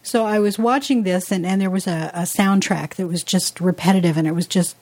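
A woman's voice: fairly low pitch, fairly quick, darkish tone. A woman co-hosting a casual podcast chat, talking in a rambling, chatty way with asides and restarts. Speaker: podcast co-host.

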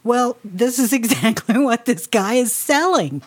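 A woman's voice: fairly high pitch, animated, unhurried. Playful woman co-hosting a chat. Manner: laughing, playful, explains at length. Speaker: co-host. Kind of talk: casual chat.

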